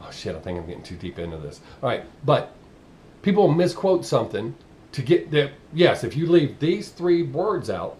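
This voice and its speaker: A man's voice: medium pitch, sing-song, moderate pace, a little mellow. A man with a Southern US accent, ranting bluntly and profanely in a casual vlog monologue. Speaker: vlogger.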